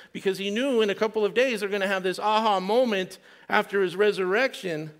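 A man preaching a sermon, earnest, restarting and repeating words, dropping to a hush for quoted prayer. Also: sits high. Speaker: pastor.

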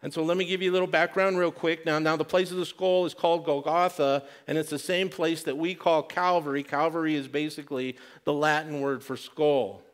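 A man preaching a sermon, earnest, restarting and repeating words, dropping to a hush for quoted prayer. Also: on the high side, fairly even intonation, a little fast, hardly any pauses, clear, resonant tone. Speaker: pastor.

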